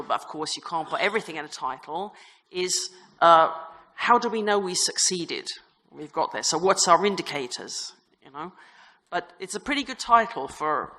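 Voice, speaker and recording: A woman who is a nun and university vice rector speaks at a conference in a bright, clear voice. She talks informally, with self-deprecating asides and many restarts. Her words carry a long reverb from a large crypt hall. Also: lowish voice, lively intonation, moderate pace. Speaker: religious sister and university vice rector giving a conference talk.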